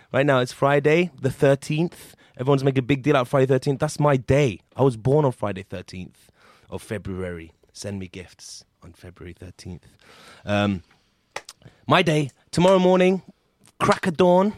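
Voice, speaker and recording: A man hosting an improv comedy podcast, chatting in a playful, joking way with sudden loud bursts. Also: medium pitch, normal speed, no room sound. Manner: playful, jokey, lively with sudden loud bits. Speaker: podcast host. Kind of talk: casual improv comedy chat.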